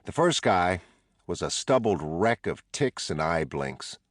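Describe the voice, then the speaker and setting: A man reading a novel aloud in a measured, low-key narration. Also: big pitch swings, no room sound, studio quality. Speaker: audiobook narrator. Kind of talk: scripted narration.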